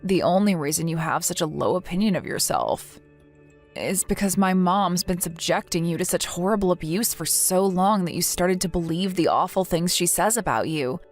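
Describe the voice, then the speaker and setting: A woman's voice: lowish voice, expressive, normal speed, soft background music. A woman voicing a caring, outspoken young woman who talks firmly and reassuringly, in a text-message story reading. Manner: firm and reassuring.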